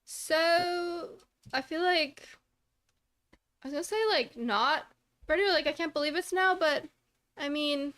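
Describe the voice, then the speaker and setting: A young woman streaming live, chatting casually and greeting her chat by name in a bubbly way, trailing off into quieter asides. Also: high-pitched, a little slow, pauses often.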